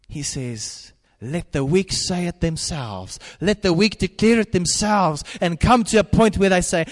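A man's voice: high-pitched, animated, unhurried. Emphatic preaching man in echoing hall. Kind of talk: sermon.

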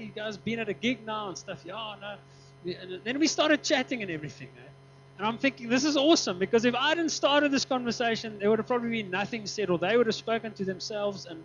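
A man preaching a sermon, telling a story with lively acted-out dialogue and frequent laughs. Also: high voice. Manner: animated, acts out quoted dialogue, laughs often. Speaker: pastor. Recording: dull lo-fi recording with mains hum.

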